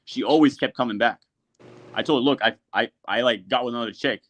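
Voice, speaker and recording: A man's voice: mid-range voice, brisk, a bit bright. A man in his twenties hosting a casual online group chat, blunt and profane, full of filler words.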